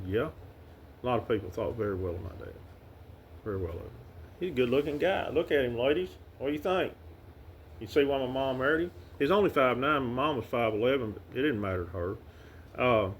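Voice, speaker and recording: A middle-aged man with a Southern Arkansas accent, telling personal stories to the camera about his late father in a halting, heartfelt way with many fillers and restarts. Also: medium pitch, a little hiss or hum. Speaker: son paying tribute to his late father. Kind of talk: casual heartfelt storytelling to camera.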